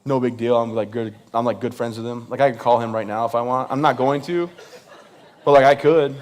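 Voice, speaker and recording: A man's voice: medium pitch, fairly even intonation, brisk, a little mellow. A man from Michigan giving a humorous, self-deprecating speech at a live event, often checking in with "right?". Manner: self-deprecating, jokey, many "right?" asides. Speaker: guest speaker.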